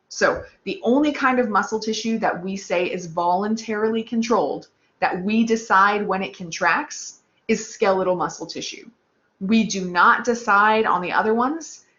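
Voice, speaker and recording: A woman's voice: mid-range voice, a bit bright. A woman teaching an anatomy lab class online, upbeat and chatty, talking straight to her students. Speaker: anatomy instructor. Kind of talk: live online lab lesson. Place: online class with text chat. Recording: echoey room, slightly dull sound.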